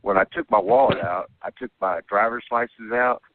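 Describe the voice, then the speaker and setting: A man with a very deep voice tells a long personal story in a casual, rambling way, tagging lines with "okay?". He comes through a narrow, tinny phone line. The sound is dry and close. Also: a little fast, no echo. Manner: rambling, keeps adding "okay?". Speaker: caller telling an alien abduction story.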